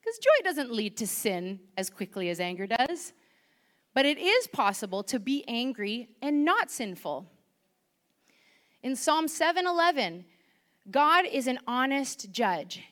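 A woman giving a sermon in church, chatty and lively, asking the congregation questions. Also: on the high side. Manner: lively, conversational, asks the audience questions. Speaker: preacher.

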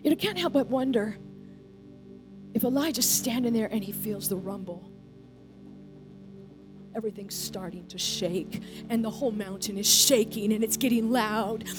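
High-pitched lady pastor preaching, super energetic, leaning on every point. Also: moderate pace, pauses often, over music. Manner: energetic, emphatic, animated preaching. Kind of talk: sermon.

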